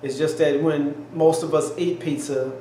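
In an echoey kitchen with faint ambience, a co-host of a cooking channel exclaims and chats folksily through a casual taste test. He has a warm, fairly even voice on the high side and a measured pace, and there's a little hiss or hum.

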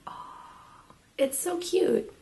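A young woman casually reviewing makeup as she swatches it, chatty and excitable and half losing her voice. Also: extremely slow. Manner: chatty and excitable, drops to whispers. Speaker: beauty vlogger.

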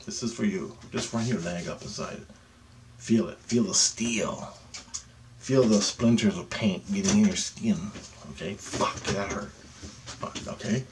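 In an unhurried, lowish voice, a man guides a meditation while slight background noise hums along. This teacher talks in a profane, insistent way, keeps asking "okay?", and grows steadily louder and more animated.

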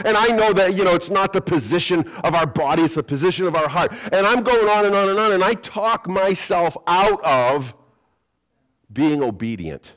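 A man preaches to his congregation with an animated storytelling manner. He acts out little quoted voices and jokes along the way. His voice sits a touch higher than most men's. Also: normal speed, rough recording. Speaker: pastor. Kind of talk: sermon. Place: church sanctuary.

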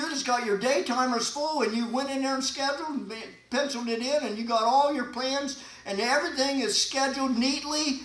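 A man preaching a sermon as pastor, folksy and animated, with sudden loud emphasis and quiet asides. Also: very high-pitched, normal speed, few pauses. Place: church sanctuary. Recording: echoey church hall.

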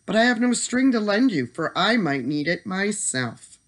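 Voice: mid-range voice, sing-song, normal speed, voice pushed up, natural voice. A storyteller voicing a scheming, selfish young man in a bedtime storybook reading, with a sneering, greedy manner.

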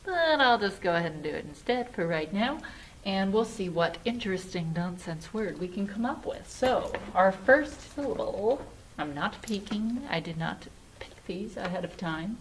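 A woman's voice: medium pitch, lively intonation, moderate pace, slight background noise. A woman music teacher giving a children's lesson online in a patient, sing-song teacherly way.

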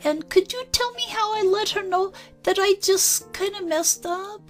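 A woman's voice: very high voice, a little slow, a bit bright, soft background music. A woman speaking as her inner child, an earnest, anxious five-year-old girl who rambles and apologizes. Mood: worried. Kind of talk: spoken channeling session.

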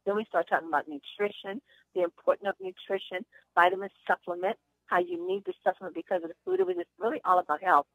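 A woman's voice: lowish voice, expressive, fast, fairly bright tone, no echo. A woman hosting a conference call, telling chatty stories and giving upbeat sales encouragement over a phone line. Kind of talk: motivational sales talk with anecdotes.

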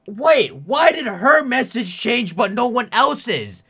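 Animated young man ranting over gameplay. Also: very high voice, takes it slowly. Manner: animated, theatrically angry ranting. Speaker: gaming YouTuber. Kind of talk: casual gameplay commentary. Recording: faint music behind.

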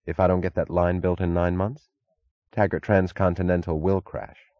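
A man's voice: deep voice, normal speed, dry recording, muffled recording, close to an everyday voice. A man voicing a determined female railroad executive who speaks evenly and directly. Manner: even, direct, businesslike.

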